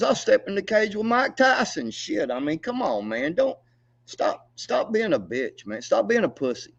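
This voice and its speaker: A man's voice: on the high side, sing-song, measured pace, vocal fry, highs cut off. A man, angrily ranting and taunting with profanity on a livestream. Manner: angry, profane, taunting, laughs mockingly. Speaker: livestream co-host. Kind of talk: heated livestream rant.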